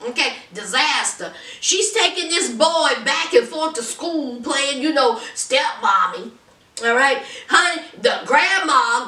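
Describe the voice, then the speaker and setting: Brief: sassy woman reviewer, high and bright, teasing and dramatic, recorded a bit far from the mic. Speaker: reality TV reviewer. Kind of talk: casual recap commentary. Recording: roomy echo, distant from mic.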